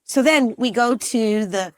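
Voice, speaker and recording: A woman in her fifties, a relationship coach talking as a podcast guest, telling a personal story in a lively, chatty way and calling the listener "girlfriend". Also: fairly high pitch, a little slow, no room sound. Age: 50s. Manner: lively storyteller who acts out scenes and calls the listener "girlfriend". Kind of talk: casual interview storytelling.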